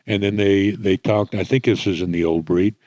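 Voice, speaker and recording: An older man, a retired military officer, interviewing a guest on stage in a measured, plain-spoken way. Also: on the low side, fairly even intonation, darkish tone, dry recording. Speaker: interviewer, retired Marine general. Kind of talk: fireside chat on stage. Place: conference stage.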